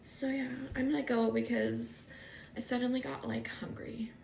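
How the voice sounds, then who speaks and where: A woman's voice: on the high side, flat delivery, normal speed, creaky, darkish tone, roomy sound, recorded from a distance, slight background noise. A woman talking to camera in a casual, rambling monologue, wry and self-mocking, with plenty of swearing. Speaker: vlogger.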